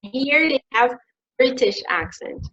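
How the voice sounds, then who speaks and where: A Brazilian woman, an English teacher speaking English with a Brazilian accent, calmly explaining study tips in a casual online conversation. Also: high-pitched, muffled recording. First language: Portuguese. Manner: measured, explanatory, gives tips.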